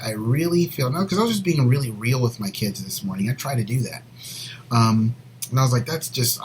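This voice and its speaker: A man co-hosting a Christian show, sharing a personal faith story in an earnest, rambling way and sometimes dropping to a soft near whisper. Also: mid-range voice, slight background noise, rough recording. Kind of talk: personal faith testimony, casual chat.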